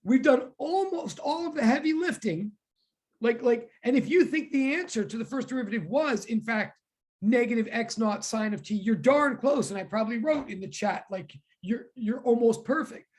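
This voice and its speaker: A woman teaching a physics class online, talking in quick self-correcting bursts. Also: on the high side, expressive, darkish tone, breathy edge.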